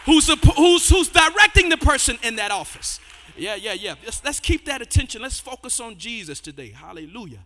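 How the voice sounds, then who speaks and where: A man preaching and praying in church, shouting and half-singing his phrases, often stammering and repeating words. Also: extremely high pitch, big pitch swings, brisk, hardly any pauses, slight background noise. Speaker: pastor. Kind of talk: fiery sermon and prayer.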